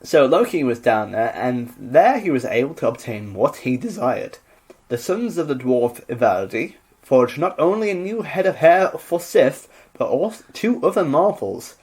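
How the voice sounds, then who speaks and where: A man co-hosts a casual podcast, his voice swinging lively between high and low. He reads old myths and breaks off to joke with his co-host. He keeps it loose and animated. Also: moderate pace, breathy edge. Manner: animated, joking, mock voices. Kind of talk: casual chat and reading myths.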